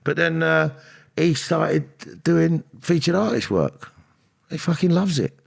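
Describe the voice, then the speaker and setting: A man telling personal stories in an interview, animated and acting out the voices of people he quotes, with frequent restarts. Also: on the high side, measured pace, gravelly, slightly rough. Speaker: actor and guest. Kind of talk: candid interview storytelling.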